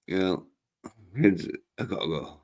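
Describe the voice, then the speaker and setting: Brief: male livestream host, unhurried drawl, crude and rambling. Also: deep voice, expressive, creaky, a little mellow. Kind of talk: casual chat.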